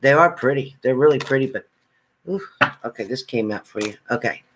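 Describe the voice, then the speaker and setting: A man's voice: medium pitch, animated, fairly quick, background noise. Chatty man giving tarot readings. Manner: chatty, reassuring, talks directly to viewers by name. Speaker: tarot reader. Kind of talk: live-stream tarot reading and chat with viewers.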